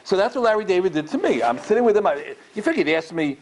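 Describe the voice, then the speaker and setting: A man's voice: high voice, big pitch swings, quick pace, slight background noise. A man who is a rabbi, giving a lecture with stories and acting out the dialogue, recorded on a microphone in a community hall. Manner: acts out dialogue in his stories. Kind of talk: lively lecture with storytelling.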